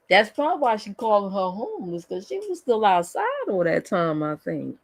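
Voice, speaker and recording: A woman's voice: mid-range voice, very animated, darkish tone, no room sound. A woman streamer chatting casually on a live stream, gossiping and laughing often as she reacts to online drama. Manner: gossipy, laughs often, drawn-out slangy commentary.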